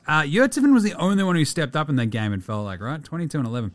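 An Australian man hosting a casual sports podcast, animated, swearing freely and laughing often. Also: on the high side, racing, no echo, soft background music. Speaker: podcast host.

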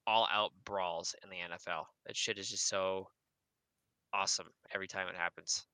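Bright, excitable man swearing casually. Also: sits low, moderate pace, clear, resonant tone, dry recording. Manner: excitable, swears freely, stumbles over words. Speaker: podcast co-host. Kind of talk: casual podcast banter.

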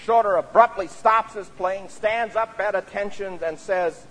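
High-voiced pastor preaching in a reverberant church. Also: male voice, unhurried, hardly any pauses, fairly bright tone. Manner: earnest preaching with frequent "you see" asides. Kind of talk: sermon. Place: church sanctuary.

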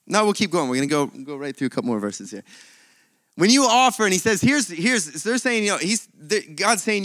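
A man preaching a sermon as pastor, animated, with sudden swings between loud and quiet. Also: high voice, brisk, no echo, studio quality.

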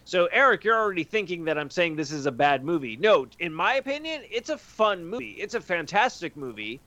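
A man's voice: high voice, sing-song, a little fast, pushed and bright, no room sound. A man hosting a casual podcast chat, talking animatedly and acting out his friends' reactions. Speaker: podcast host.

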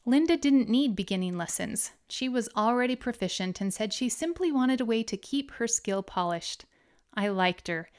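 A woman narrating her own memoir in an audiobook reading, with expressive storytelling. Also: fairly high pitch, normal speed, smooth.

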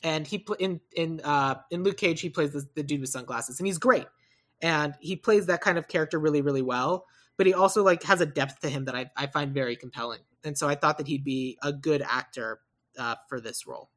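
A woman co-hosting a casual podcast, talking through casting picks in a rambling, self-correcting way with animated asides. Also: low voice, a little fast. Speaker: podcast co-host. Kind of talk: casual chat about movie casting.

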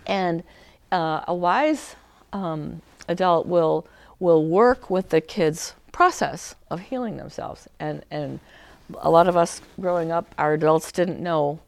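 A woman giving a conversational talk about emotional healing. She speaks with many fillers and restarts, and she sometimes acts out a crying child in a high shout. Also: slow, vocal fry, no room sound. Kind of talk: talk to a small group.

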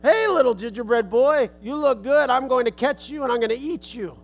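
A man's voice: very high voice, animated, a little fast. A man voicing a hungry dairy cow that threatens to eat its prey. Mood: greedy. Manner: greedy, threatening.

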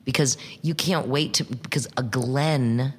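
A man in mid pitch holds forth in a loose interview, cursing and pressing every point with animated emphasis. His voice rings out in a room with a long, trailing reverb. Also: a little slow, husky. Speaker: improv performer and teacher. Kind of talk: casual interview talk.

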